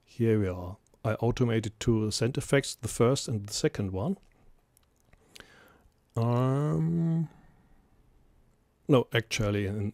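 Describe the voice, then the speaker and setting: Slow-talking male mixing tutor, mellow tone, halting and filler-heavy delivery. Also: on the low side, no echo. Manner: hesitant, many fillers and restarts. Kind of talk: screen-recorded software tutorial.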